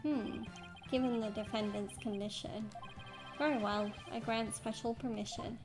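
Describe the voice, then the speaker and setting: A woman's voice: a little high, fairly even intonation, natural voice. A woman voicing a stern, formal old male judge in a video game, over game music. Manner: formal, measured.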